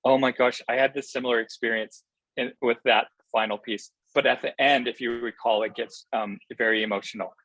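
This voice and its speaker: Man, film director guest, husky voice, dry close sound, earnest and halting. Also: medium pitch, fairly even intonation, a bit bright, no room sound, rough recording. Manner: earnest, enthusiastic, halting with many fillers. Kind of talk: casual interview answers.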